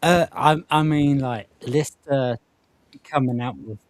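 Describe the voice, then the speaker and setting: A man's voice: medium pitch, dry recording. A man co-hosting a podcast who speaks hesitantly in casual chat, stopping and restarting his points. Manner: hesitant, halting with fillers and restarts. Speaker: podcast co-host.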